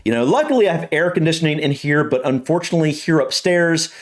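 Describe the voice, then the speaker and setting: A man's voice: on the high side, lively intonation, fast. An American man hosting a reaction video, chatting casually from an upstairs room at home in a rambling way, full of fillers and restarts. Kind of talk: casual chat.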